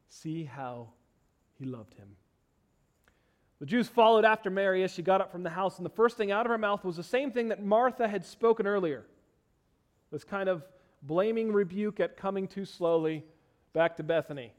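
A man preaching from the pulpit with a fairly high voice. He reads scripture and leads prayer, lifting his voice to stress a point and dropping to a soft, low hush when praying. His delivery is expressive and varied. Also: normal speed. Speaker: pastor. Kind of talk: sermon.

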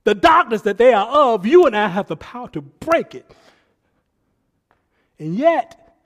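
A male pastor preaching a sermon, swinging between hushed asides and loud preaching and mimicking people in quoted voices. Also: very high voice, sing-song, a little slow, pauses often.

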